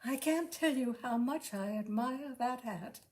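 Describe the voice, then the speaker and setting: A woman's voice: on the high side, a little slow, darkish tone, lightly acted. A woman doing an earnest, gushing young lady. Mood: earnest admiring.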